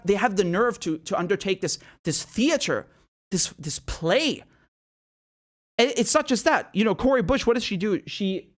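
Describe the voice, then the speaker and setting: Man, political commentary host, high-pitched voice, heated, profane, rhetorical questions, repeats himself for emphasis.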